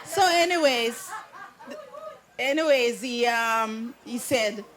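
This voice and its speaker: A woman's voice: fairly high pitch, takes it slowly, fairly bright tone, some chatter behind, slight background noise. A middle-aged woman, the groom's mother giving a wedding message, telling a meandering story, often saying "anyways" and laughing. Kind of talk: rambling personal storytelling.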